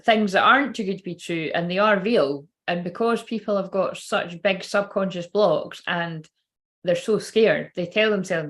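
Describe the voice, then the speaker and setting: A woman's voice: mid-range voice, brisk, a bit bright. A woman giving a casual, rambling livestream tarot reading, swearing freely and feeling unwell and tired. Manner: chatty, swearing, rambling asides. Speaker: tarot card reader.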